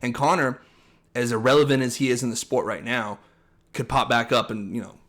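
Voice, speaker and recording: A young man co-hosting a casual chat, talking quickly and with strong opinions, often acting out what coaches say. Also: medium pitch, fairly even intonation, fairly bright tone. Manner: fast, opinionated, acts out coaches' lines in quotes. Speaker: podcast co-host.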